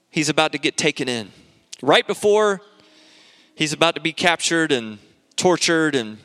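A man's voice: on the high side, a bit bright. A man preaching a sermon as a pastor, earnest and repetitive, building to fervent prayer. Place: church sanctuary. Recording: long hall reverb in a church.

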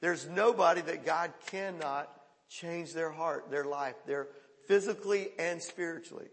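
A male pastor preaching a sermon, swinging between loud calls and hushed quoted lines. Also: a little high, a little slow, big-room sound.

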